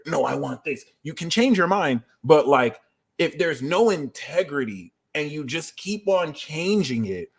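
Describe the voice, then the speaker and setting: A man hosting an astrology livestream, walking viewers through planetary transits in an energetic, conversational way with quick asides. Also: medium pitch. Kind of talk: explaining astrology transits to a live audience.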